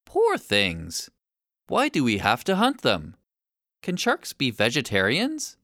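A reader voicing a gentle, dreamy young shark who dislikes hunting, in a storybook read-aloud. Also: medium pitch, very animated, a little fast, dry recording, clean studio sound. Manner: soft, dreamy, hesitant.

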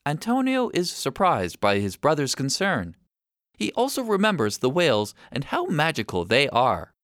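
A man narrating a children's story with an expressive reading. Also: fairly high pitch, normal speed, no room sound, clean studio sound.

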